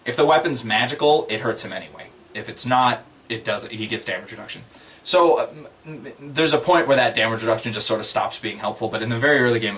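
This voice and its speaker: A man casually recounting a tabletop game session, rambling and chuckling as he tells it. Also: mid-range voice. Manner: rambling, chuckling, animated retelling. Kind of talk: casual storytelling.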